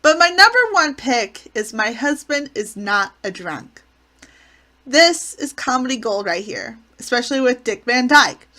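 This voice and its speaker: A woman's voice: fairly high pitch, lively intonation, a little slow, pushed and bright. A woman hosting her channel, recapping sitcom episodes in an enthusiastic, gushing way. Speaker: channel host reviewing a classic sitcom.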